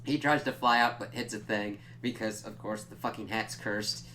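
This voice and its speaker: A man's voice: fairly low pitch, steady tone, moderate pace, bright, forceful tone, a little hiss or hum. A young man casually reviewing a TV episode, rambling and swearing freely as he acts out bits of dialogue. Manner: rambling and profane, acts out quoted lines.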